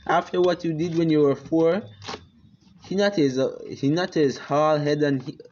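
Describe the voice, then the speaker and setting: A man's voice: a little high, steady tone, moderate pace, a little mellow, close to an everyday voice. Man doing a cursing caged fox demon. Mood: spiteful. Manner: grumbling, insulting, cursing. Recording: lo-fi with background noise.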